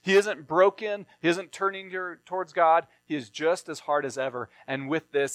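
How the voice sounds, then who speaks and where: A man reads a Bible passage and then teaches on it in a plain, explaining sermon style. His voice sits a little high for a man. The sound is dry and close, with no room around it. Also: steady tone, moderate pace, hardly any pauses, fairly bright tone, dry recording. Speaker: preacher.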